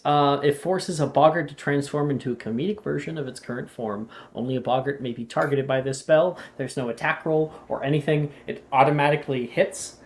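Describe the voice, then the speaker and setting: A man narrates a tabletop game as its game master. He talks casually and rambles, breaking into laughs as he describes what happens. His voice sits at an ordinary middle pitch.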